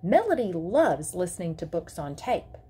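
A woman voicing a protective mother who speaks in a firm, controlled, sharp way while reading a story aloud. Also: fairly low pitch, sing-song, moderate pace, breathy edge, exaggerated voice. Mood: tense. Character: fierce protective mother of a disabled girl.

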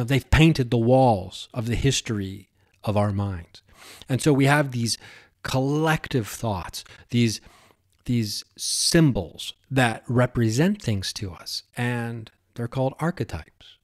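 Excitable rambling man hosting a podcast. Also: medium pitch, slow. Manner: digressive and excitable, with bursts of exclamation and self-mocking asides. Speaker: podcast host. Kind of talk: rambling solo podcast monologue.

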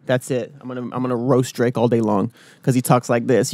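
Energetic rambling male vlogger. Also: mid-range voice, fast talker, no echo, studio quality. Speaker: vlogger and podcast host. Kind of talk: casual solo vlog talk. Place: outdoors early in the morning.

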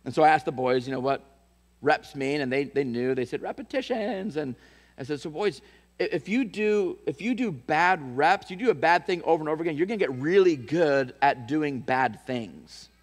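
A man preaching from the pulpit tells stories with restarts and repeated words, then builds to emphatic calls to his congregation. His voice sits fairly high for a man. A long reverb trails every phrase through the church hall. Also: lively intonation, normal speed. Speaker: pastor. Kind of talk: sermon.

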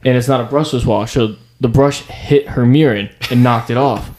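A man's voice: mid-range voice, moderate pace, a little hiss or hum. A young man, a podcast co-host, telling a story in casual chat and saying "dude" a lot. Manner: animated storyteller, slangy, says "dude" a lot.

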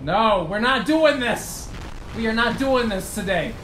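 A man yelling and trash-talking through his gameplay commentary, his pitch leaping up and down as he swears at opponents. His voice is bright and edgy, and it rings in a roomy, echoing space with a faint hiss underneath. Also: lively intonation, measured pace. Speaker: gaming YouTuber. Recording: roomy echo with faint noise.

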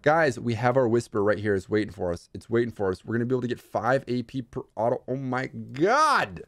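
Excitable young man narrating gameplay. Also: mid-range voice, a little fast. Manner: excitable, swings from mutters to shouts. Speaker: streamer. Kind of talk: live gameplay commentary.

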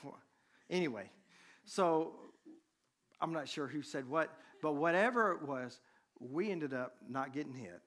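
A man preaching, a pastor telling a personal story to his congregation in a conversational, animated way. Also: fairly high pitch, measured pace.

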